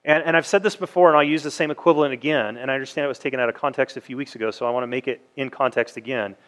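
A man's voice: medium pitch, very fast, fairly bright tone. A man preaching a sermon, reading verses aloud and explaining them in a conversational way, asking the congregation rhetorical questions. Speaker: pastor.

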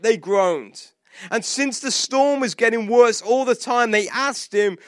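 A man preaching in a fairly high voice, telling a scripture story with playful acted-out lines. He leans on casual fillers like "like" and "you know". The sound is dry and close, with no room echo. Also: a little slow. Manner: animated storytelling, acts out quotes, frequent "like". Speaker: pastor. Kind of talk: sermon.

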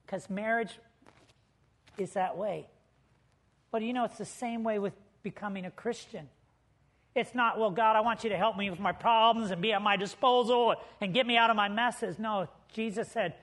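Male pastor, very high voice, humorous storyteller, sermon delivery. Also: moderate pace. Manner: lively storytelling preacher with humor.

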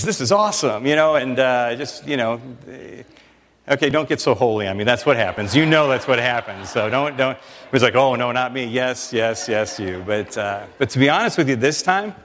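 A middle-aged man preaches in a lively, conversational style, tossing quick asides to his listeners. His voice sits at an ordinary middle pitch. The sound carries a long reverb from a large hall. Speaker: pastor. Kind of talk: sermon.

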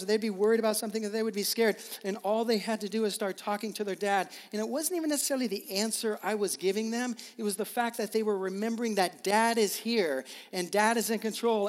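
A man's voice: high voice, fast, few pauses. A middle-aged man preaching a sermon as pastor, earnest and emotional, often repeating his words. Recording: reverberant hall.

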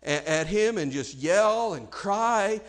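A male preacher gives an impassioned sermon in a high, animated, slow voice. He swings between hushed and loud passages, repeating words to drive his point home.

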